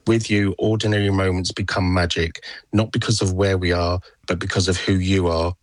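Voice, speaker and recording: A man calmly reading out a tender love letter he wrote to his husband. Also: deep voice, dry recording. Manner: calm, measured, tender.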